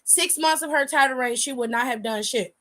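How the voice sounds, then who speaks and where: A woman co-hosting a show aftershow in casual chat, animated and profane, often laughing as she talks. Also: sits high, fairly quick. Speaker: aftershow co-host.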